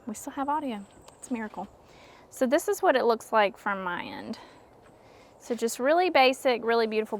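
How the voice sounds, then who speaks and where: Woman, chatty how-to vlog, mid pitch, self-mocking humor, faint hiss behind. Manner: chatty, self-deprecating, jokey. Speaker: craft vlogger. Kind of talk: casual how-to narration. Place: home indoors.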